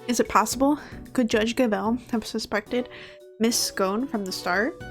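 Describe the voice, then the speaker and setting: A woman's voice: on the high side, faint music behind. A woman reading a cool formal male prosecutor. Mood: measured. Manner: formal, measured.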